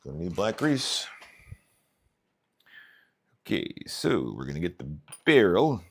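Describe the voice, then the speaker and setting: A man's voice: deep voice, very animated, slow, gravelly, breathy edge. A man live-streaming as he works on a radio-control model, chatting casually and muttering jokey asides to his viewers as he tinkers.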